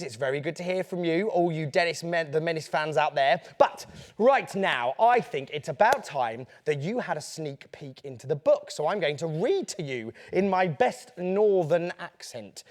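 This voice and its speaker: Upbeat male children's author hosting for kids, high voice with a wide, animated range. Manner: playful, upbeat, chatty. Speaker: children's author hosting a live online event. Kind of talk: lively presenting to children and answering questions.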